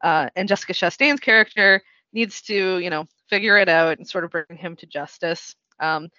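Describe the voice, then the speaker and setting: A woman's voice: lowish voice, moderate pace, sharp tone, no room sound, highs cut off. A woman guesting on a podcast in casual chat, chatty and laughing as she talks. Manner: chatty, laughs while talking.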